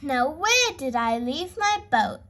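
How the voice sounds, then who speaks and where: A woman playing a kindly old grandpa pig with a grumbly, matter-of-fact way of talking. He speaks slowly and plainly. He is a figure from a storybook read aloud. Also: high-pitched, big pitch swings, fairly bright tone, full character voice. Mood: gentle. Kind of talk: storybook reading.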